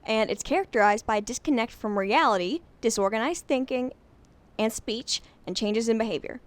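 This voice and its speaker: A woman commenting on game lore off the cuff, rambling and self-deprecating. Her voice sits slightly high, and she giggles between thoughts. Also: normal speed. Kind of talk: casual unscripted analysis.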